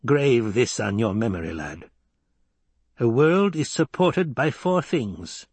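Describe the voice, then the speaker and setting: A man puts on an ancient, stern Reverend Mother who speaks slowly and gravely, as if handing down law. The voice is husky and sits close and dry. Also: mid-range voice, very animated, darkish tone, no echo, full character voice. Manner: slow, grave, commanding pronouncements.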